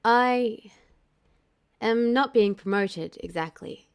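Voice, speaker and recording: A woman voices a reserved young soldier who keeps his words low and careful, pausing as he speaks. He sounds withdrawn and cautious. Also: clean tone. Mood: guarded. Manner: low, guarded, halting. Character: reserved young male soldier, quiet and guarded.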